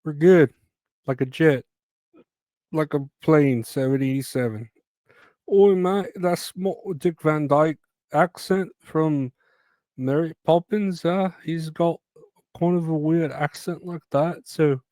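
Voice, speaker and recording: Brief: young male host of a solo comedy podcast, loose and rambling, crude humor, mid-pitched voice, dry close recording. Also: measured pace, a little mellow, no echo. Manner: rambling, crude offhand jokes.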